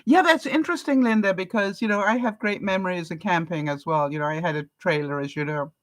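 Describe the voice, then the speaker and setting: A woman's voice: fairly low pitch, fast talker, dry recording. Chatty English woman, dry close sound. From England. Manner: chatty, laughs often, reads viewer comments aloud. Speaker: vlogger. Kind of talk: casual live-stream chat.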